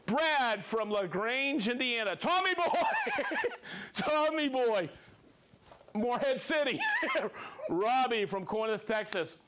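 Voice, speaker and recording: Man, livestream host, upbeat, cheering, animated, reading viewer shout-outs. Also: very high-pitched, slow pace, background noise. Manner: upbeat, cheering, chatty asides.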